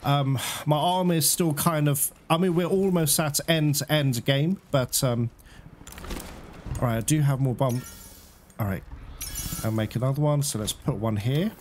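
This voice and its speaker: A man giving casual let's-play commentary, excitable and addressing his viewers as "guys", out of breath at times. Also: on the high side, measured pace, a little hiss or hum. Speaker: gaming YouTuber.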